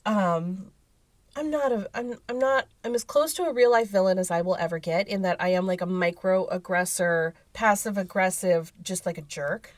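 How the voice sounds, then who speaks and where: A woman's voice: medium pitch, normal speed, dry recording. A woman co-hosting a casual podcast, telling stories animatedly and swearing freely, recorded on a studio microphone in a home podcast studio. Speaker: podcast co-host. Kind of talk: casual chat.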